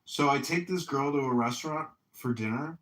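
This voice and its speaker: A man running for mayor chats casually, telling stories excitably, with profanity and frequent laughter. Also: mid-range voice, moderate pace. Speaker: mayoral candidate. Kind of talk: casual storytelling chat. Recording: echoey room, distant mic.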